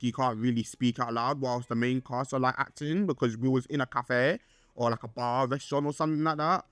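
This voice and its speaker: A young man hosting a casual podcast, rambling and excitable with lots of fillers and restarts. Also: clear, resonant tone, no echo. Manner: excitable, with swoops up in pitch. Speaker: podcast host. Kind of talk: casual solo podcast chat.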